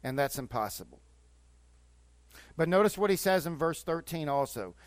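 A man's voice: fairly high pitch, lively intonation, normal speed, dry recording. An older man, a pastor preaching a sermon in church, moving from conversational teaching to fervent exhortation.

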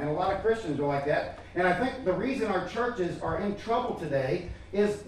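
A man with a fairly high voice preaches a sermon, pressing his points emphatically and often doubling back on his words. He sounds far from the mic in a very echoey church, with faint room ambience underneath. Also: slight background noise. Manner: emphatic, repeats words, addresses listeners directly. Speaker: pastor.

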